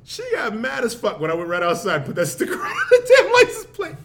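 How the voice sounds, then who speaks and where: A man hosting a podcast, telling profane, animated stories in casual chat, laughing often. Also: high-pitched, brisk. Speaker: podcast host.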